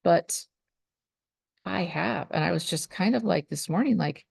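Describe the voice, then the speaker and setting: A woman's voice: lowish voice, unhurried, creaky, long pauses, darkish tone, breathy edge, dry recording, studio quality. A woman, a spiritual life coach, talking earnestly to her viewers about trust and surrender. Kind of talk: motivational talk to camera.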